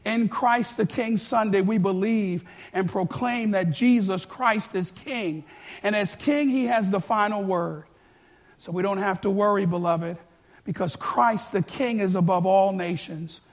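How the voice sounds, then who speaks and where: Male pastor, unhurried delivery, impassioned sermon that goes from hushed to shouting, muffled lo-fi sound. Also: sits high. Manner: impassioned, swings from quiet to shouting.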